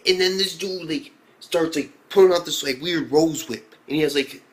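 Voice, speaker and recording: Excitable slangy man reviewing anime. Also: on the high side, normal speed. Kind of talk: casual review vlog.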